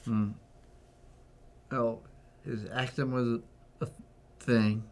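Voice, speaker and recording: Flat-toned laid-back man. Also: medium pitch, drawn-out words, slight background noise. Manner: laid-back, brief agreeing replies. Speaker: co-host of a film review podcast. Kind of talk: casual movie review chat.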